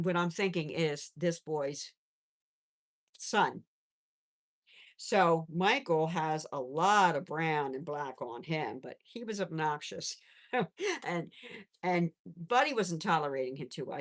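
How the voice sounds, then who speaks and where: A woman's voice: low voice, animated, takes it slowly, pauses often. A middle-aged woman chatting casually on a pet livestream, reading out viewer messages and cooing to her animals. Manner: chatty, warm baby-talk to pets, reads chat aloud. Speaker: livestream host. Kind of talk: casual live chat.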